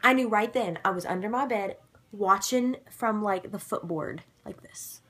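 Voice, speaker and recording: A young woman casually recapping a TV episode to camera, animated and excitable, dropping into sudden dramatic whispers. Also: medium pitch, normal speed, breathy edge. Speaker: vlogger recapping a ghost-hunting show.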